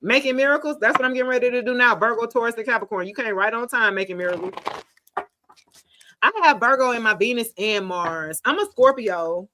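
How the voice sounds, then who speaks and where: A woman, giving a casual live tarot reading in a chatty, animated, slangy way, talking straight to her viewers. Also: on the high side, fairly quick, slight background noise. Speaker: tarot reader.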